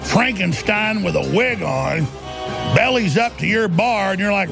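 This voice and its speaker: A middle-aged man hosting a talk show, ranting in a heated, mocking monologue with a raspy voice. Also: high voice, lively intonation, unhurried, music in the background. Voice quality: gravelly, raspy.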